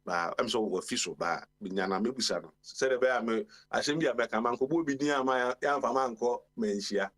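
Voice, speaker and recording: A man's voice: medium pitch, a little fast, hardly any pauses, fairly bright tone. A man rambling on a radio talk show. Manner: rambling, exclamatory, often calls out "Papa". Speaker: radio guest.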